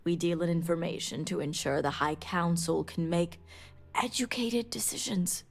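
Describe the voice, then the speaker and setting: A secretive noble elder in a game. Her voice sits low and stays measured and formal, with a breathy edge. She sounds like someone guarding classified matters. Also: steady tone. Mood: stern. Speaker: game character.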